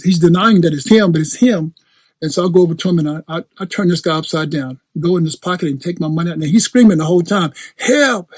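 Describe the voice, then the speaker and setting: A male preacher with a husky voice, set a little higher than most men. He tells a story in an animated way, repeats his phrases and laughs often. The sound is dry and close. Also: no room sound. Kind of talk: storytelling sermon.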